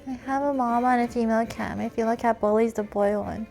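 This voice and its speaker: A woman's voice: a little high, steady tone, fast talker, creaky, darkish tone, soft background music. A young woman streaming, chatting casually and slipping into cooing baby talk to praise her cat.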